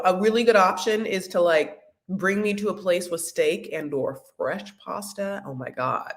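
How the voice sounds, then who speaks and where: A woman's voice: on the low side, moderate pace. A woman hosting a live chat recap of a reality show, sassy and chatty, calling her viewers honey. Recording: echoey room.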